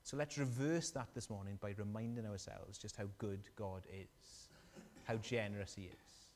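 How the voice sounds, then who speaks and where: A man preaching a sermon, animated and storytelling, asking the congregation questions. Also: fairly low pitch, moderate pace, long reverb tail, a little hiss or hum.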